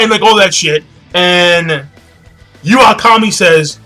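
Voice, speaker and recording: A young man in a loose, rambling recap, cursing freely and often doubling back on his words. His voice is high and bright, with a sharp edge. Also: measured pace, faint music behind. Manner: rambling, profane, repeats himself. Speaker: manga reviewer. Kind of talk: casual chapter recap.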